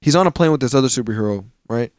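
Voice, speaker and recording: A man's voice: medium pitch, very fast, dry recording, studio quality. A young man co-hosting a podcast in casual chat, retelling scenes with lots of slang and swearing and acting out the characters. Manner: animated storytelling, acts out quoted characters. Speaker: podcast co-host.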